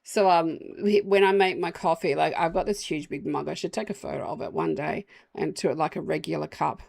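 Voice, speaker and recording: Australian woman, game streamer, creaky gravelly voice, loose rambling chat to her viewers. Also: low voice, a little fast, a little mellow. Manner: rambling, chatty, talks to chat while playing. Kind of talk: casual live-stream chat.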